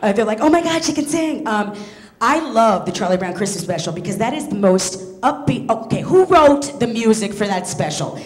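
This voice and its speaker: A woman doing a stand-up comedy set, chatty and brisk with sarcastic asides. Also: mid-range voice, expressive. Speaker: stand-up comic. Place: comedy club stage. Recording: echoey comedy club.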